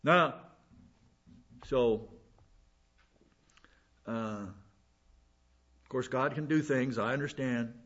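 A man's voice: medium pitch, drawn-out words, long pauses, fairly bright tone. A man preaching a verse-by-verse Bible sermon, conversational with folksy asides and frequent restarts. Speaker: pastor. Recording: dull lo-fi sound.

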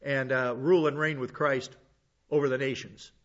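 A man's voice: medium pitch, level tone, moderate pace, highs cut off. A man preaching as a pastor teacher, blunt and conversational, often restarting his sentences. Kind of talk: sermon.

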